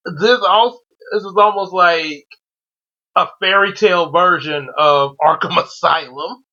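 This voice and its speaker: A man's voice: sits high, unhurried, sharp tone. A man hosting a casual chat, stammering and restarting with bursts of laughter. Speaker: host. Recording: muffled lo-fi audio.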